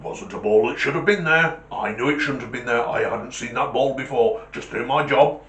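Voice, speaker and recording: Man playing a dutiful Alsatian guard dog, clipped formal manner, loud and punchy, echoey room. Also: mid-range voice, moderate pace, close to an everyday voice. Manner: clipped, formal, keeps saying sir.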